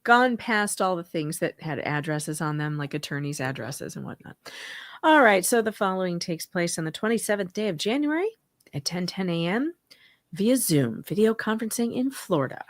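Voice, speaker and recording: A woman's voice: fairly low pitch, animated, no room sound. A woman co-hosting a live stream, reading a transcript aloud in a playful, casual way. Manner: playful, quick, reads aloud.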